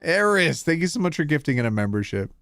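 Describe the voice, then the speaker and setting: A man's voice: a little high, very animated, quick pace, fairly bright tone, no room sound, clean studio sound. A man from Canada, a streamer in casual live-stream chat, bubbly and playful with a lot of laughter.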